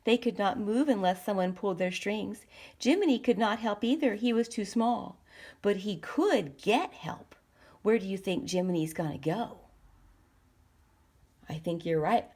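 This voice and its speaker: A woman's voice: medium pitch, measured pace, darkish tone, breathy edge. Woman reading a picture book aloud to kids. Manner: engaging, asks the listener questions. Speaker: storyteller reading to children.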